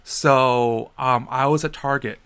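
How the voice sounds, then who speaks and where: A man with a gravelly edge in his voice talks through a casual podcast. He tells stories in an animated way and acts out the people in them. His voice sits at an ordinary pitch. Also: takes it slowly. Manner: animated storyteller, acts out other people in a high voice. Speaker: podcast co-host.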